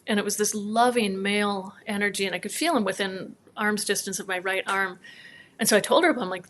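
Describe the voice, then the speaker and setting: A woman in her thirties from northern Minnesota recounts a personal story as an interview guest. She brings each quoted voice to life with animated delivery. Her tone is earnest and heartfelt throughout. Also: mid-range voice, brisk. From northern Minnesota, USA. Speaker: guest, chiropractor.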